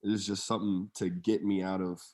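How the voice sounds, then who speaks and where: A young man with a very low voice talks in a laid-back, slangy way. His delivery stays flat and even, with little rise and fall. He is a guest on a casual podcast, telling his own story. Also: fairly quick. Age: young adult. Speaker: guest, pro football player.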